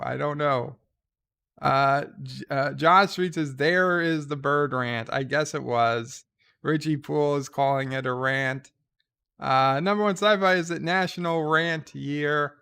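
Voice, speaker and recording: A gravelly-voiced man with a fairly high voice hosts a casual livestream. He talks at an unhurried, slow pace, reading viewer comments aloud and wandering off into wry, rambling asides. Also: bright, forceful tone. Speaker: livestream host.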